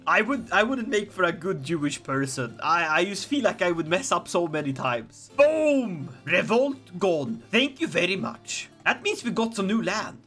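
A man giving playful, excitable let's play commentary as a gaming video creator, joking and laughing often. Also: sits high.

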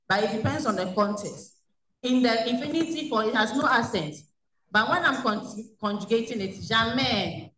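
Recorded from a video call, this online French class is led by a woman who asks questions and supplies the answers herself. Her voice is fairly high and a bit bright. The room echoes, she's far from the mic, and there's a little hiss or hum.

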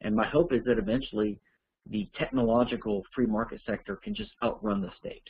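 A man's voice: mid-range voice, big pitch swings, a little fast, gravelly, phone-quality sound, a little hiss or hum. A man teaching an online course, answering listener questions in a rambling, conversational way as he thinks aloud.

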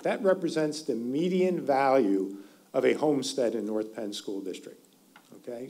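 A man presenting school district finance figures at a public community forum, in a steady explanatory way that stresses key words. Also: mid-range voice. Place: school meeting hall.

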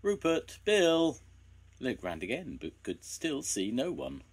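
An older man reading a children's story aloud, gentle and expressive. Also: lowish voice, moderate pace, slightly rough.

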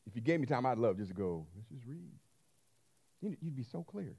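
Male pastor mid-sermon, lively and expressive, drops to near-whispers then booms, quizzes his listeners. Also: fast talker, creaky, husky. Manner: animated, swings from loud to hushed, call-and-response questions.

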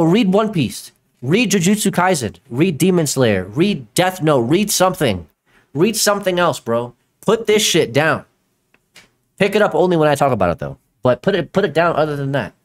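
Ranting young man, high-pitched voice. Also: sing-song, moderate pace. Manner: loud, exasperated ranting with profanity and laughter. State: sore throat from yelling. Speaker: YouTube commentator reacting to a video. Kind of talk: live stream reaction.

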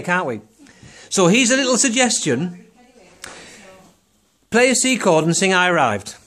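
A man giving a casual piano and songwriting lesson at home, patient and encouraging, often checking in with "right?". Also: on the high side. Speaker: piano teacher. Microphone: phone camera.

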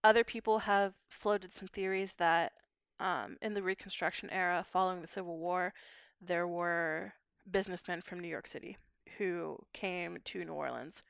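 A young adult woman, a guest linguist, explaining dialect features in measured, academic podcast talk. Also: lowish voice, fairly even intonation, creaky, fairly bright tone, clean tone, no room sound.

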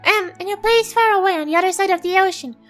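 A tiny, bubbly fairy companion , as a woman puts her on, chirps in a very high, squeaky voice and calls herself by her own name. The lines are read as a fan voice-over of game dialogue. Soft game music plays faintly behind her. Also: quick pace. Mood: chirpy. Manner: speaks of herself in the third person, bubbly.

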